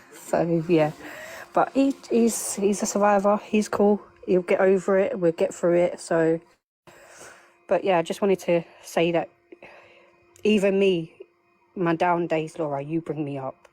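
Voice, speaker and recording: A woman talking as a guest on a live stream, chatty and emotional, rambling with plenty of ums. Her voice sits a little low. She speaks into a phone. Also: measured pace, long pauses, mellow. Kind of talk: casual live-stream chat.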